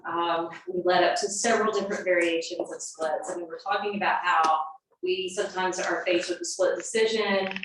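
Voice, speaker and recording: A woman's voice: on the low side, fairly even intonation, normal speed. A middle-aged woman, a yoga teacher, giving a chatty, meandering talk before class with frequent ums and uhs. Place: large yoga studio. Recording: echoey studio from a distance, faint noise.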